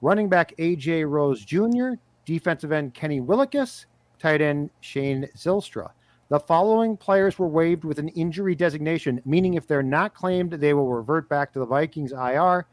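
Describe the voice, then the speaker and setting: A man co-hosting a sports podcast, casually chatting and briskly reading out news. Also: a little high, a little mellow, no room sound. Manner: brisk, reads lists of names in quick bursts. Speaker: podcast co-host.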